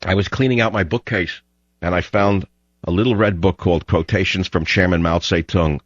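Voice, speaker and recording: A man's voice: deep voice, fairly even intonation, normal speed, dry recording. A man hosting talk radio, delivering an emphatic, fiery ranting monologue on dull lo-fi audio.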